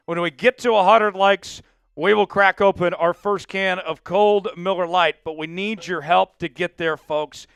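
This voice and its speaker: A man's voice: high-pitched, steady tone, measured pace, vocal fry, fairly bright tone, clean tone, no room sound, studio quality. Hyped man hosting a sports livestream. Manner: hyped, pleading with viewers, mock outrage. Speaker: livestream sports show host. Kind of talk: casual live-stream chat.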